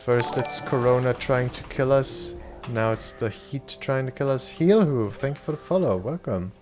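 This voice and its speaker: A young man from Germany talks casually over a game stream, rambling and swearing now and then as he answers chat. His voice sits at an ordinary middle pitch. Faint game music and keyboard typing are heard behind him. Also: normal speed, a little mellow.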